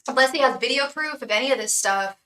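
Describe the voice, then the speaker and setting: A psychic does a live tarot reading in a high, fast, pushed and bright voice, earnest and blunt, now and then swearing or murmuring invocations to her spirit guides. She's off-mic and distant, in an echoey room.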